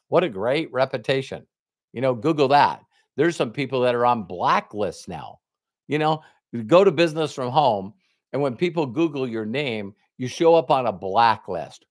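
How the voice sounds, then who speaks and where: A man's voice: mid-range voice, expressive, normal speed, no room sound, studio quality. A middle-aged man giving a motivational business talk, telling a story and acting out both sides of a conversation. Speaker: network marketing trainer. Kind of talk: motivational talk with retold dialogue.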